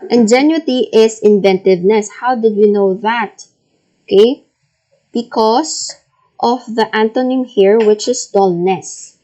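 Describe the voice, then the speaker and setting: A woman's voice: a little high, mellow, low-quality recording. A woman teaching a recorded reading lesson, patiently reading out word lists and checking answers. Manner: slow, patient, repeats and models each word.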